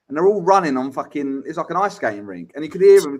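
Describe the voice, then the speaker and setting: A man's voice: a little high, big pitch swings, quick pace, darkish tone. A man co-hosting a casual football chat show, blunt and swearing freely, often repeating words as he talks. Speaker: podcast co-host.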